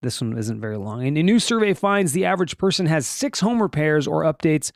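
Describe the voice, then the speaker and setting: Solo podcast host, male, slightly high voice with a lot of movement, jokey and rambling, dry close recording. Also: animated, fairly quick, vocal fry, dry recording. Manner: jokey, rambling asides, restarts and mispronunciations. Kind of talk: casual solo podcast, reading daily trivia and news.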